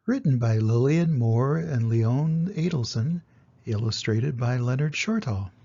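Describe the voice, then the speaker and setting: Husky grandfather reading a storybook. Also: mid-range voice, a little slow, muffled recording. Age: older. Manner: gentle, expressive. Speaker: storybook reader. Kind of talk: reading a children's book aloud.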